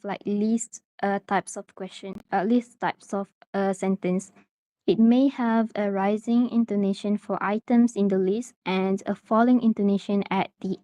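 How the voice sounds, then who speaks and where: Teacher from Malaysia, mellow dry voice. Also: female voice, medium pitch, dry recording. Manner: patient, steady, uses many "okay" and "uh" fillers. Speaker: English teacher. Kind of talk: online class explanation.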